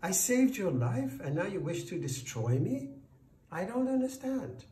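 A man's voice: medium pitch, measured pace, a little mellow, close to an everyday voice. A man voicing a kind but frightened farmer who pleads for his life, in a storybook tale. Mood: anxious. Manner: anxious, pleading. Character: frightened, kindly male farmer. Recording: roomy, distant, faint noise.

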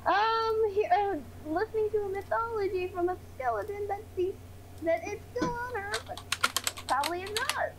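A woman's voice: extremely high pitch, moderate pace, noisy background. A woman playing a tabletop game, playful and giggly, talking about her character. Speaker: player.

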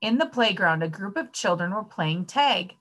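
A woman reading a children's picture book aloud, expressive and addressing the children. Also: medium pitch, moderate pace. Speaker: story reader.

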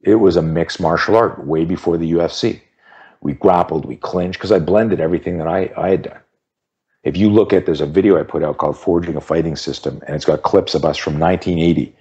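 Self-defense instructor, man in his 50s, very low voice, animated and emphatic interview storyteller. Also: fairly quick, slightly rough, lo-fi sound. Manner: animated storyteller who acts out the voices of people in his anecdotes; emphatic, repeats key phrases for effect.

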